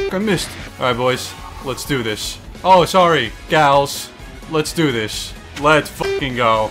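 A young man giving excitable, profane let's-play commentary, talking to the game and its creatures as he plays. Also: on the high side. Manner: excitable, swearing, talks to the game. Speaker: gaming YouTuber.

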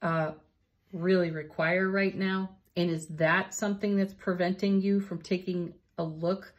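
Female card reader, lower pitch, gentle encouraging delivery. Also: flat delivery, measured pace, muffled recording. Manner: gentle, encouraging, laughs softly between cards. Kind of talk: spiritual card reading.

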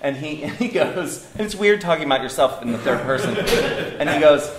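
A man tells a story in casual chat, laughing often, his voice fairly high and very lively. The room echoes, and loud noise sits behind him. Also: brisk. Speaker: guest.

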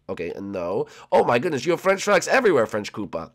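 A young man commenting on a building game, rambling and excitable with many fillers. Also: medium pitch, fast, few pauses. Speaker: gaming channel host. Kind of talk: gameplay commentary with role-play.

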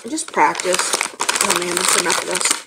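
A woman's voice: fairly low pitch, moderate pace, very noisy. A woman with a Southern US accent chatting casually with her live-stream chat at home, laughing often. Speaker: vlogger reading live chat. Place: home room.

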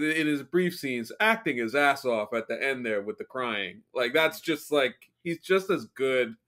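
A man hosting a podcast, chatting casually, enthusiastic and halting as he restarts his sentences. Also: high voice, sharp tone. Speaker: podcast host. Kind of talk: casual chat.

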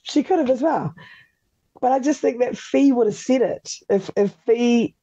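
A woman's voice: fairly high pitch, moderate pace, dry recording, highs cut off. A woman with an Australian accent, a guest on a podcast, chatting casually and animatedly, swearing freely and acting out what people said. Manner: animated, swears freely, laughs often, acts out quotes. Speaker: podcast guest, former reality show contestant. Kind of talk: casual interview chat.

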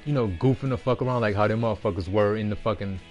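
A man's voice: lowish voice, fast, darkish tone, faint music behind. A man in his forties streaming a golf game, rambling and swearing heavily with frustrated outbursts. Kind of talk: casual chat while playing.

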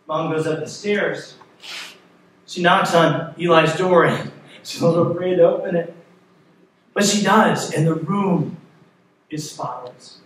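A man preaching a sermon as pastor, telling a story in a conversational, lively way. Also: on the high side. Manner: storytelling, animated in places, conversational. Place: church sanctuary. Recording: echoey sanctuary, mic far off.

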